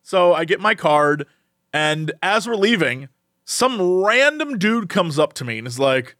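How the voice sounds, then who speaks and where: A man's voice: high-pitched, a little slow, no echo, clean studio sound. A young man on a podcast, chatting casually as he tells a funny story, laughing often and acting out the people in it. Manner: animated, laughs often, acts out quoted people. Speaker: podcast co-host.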